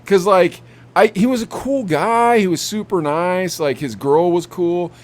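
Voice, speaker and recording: A young man co-hosting a podcast, telling animated stories about customers at his vape shop and acting out what they said. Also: sits high, unhurried. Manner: animated storytelling, acts out customers. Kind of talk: casual chat.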